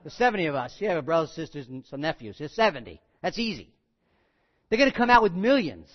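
Man, pastor, high-pitched, emphatic sermon, hushed to loud, conversational, dull lo-fi sound. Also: sing-song, quick pace. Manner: conversational, asks the congregation questions.

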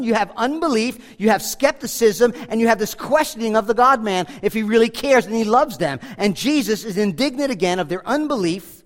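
A man's voice: high-pitched, animated, brisk, few pauses. A pastor preaching a sermon, talking casually with asides and humor as he walks through a passage. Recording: hall reverb.

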